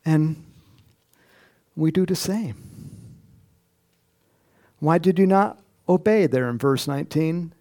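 A man's voice: on the high side, animated, takes it slowly, long pauses, darkish tone. A pastor preaching a sermon in a casual, storytelling way, often talking directly to his congregation. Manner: storytelling, acts out Bible characters in voices; conversational with asides to the congregation.

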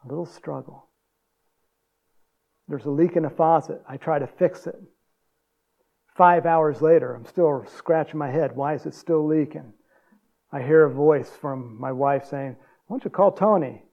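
A man preaching a sermon in a folksy, chuckling way, acting out quotes in a higher voice. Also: steady tone, unhurried, creaky, long pauses, lo-fi sound. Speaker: pastor.

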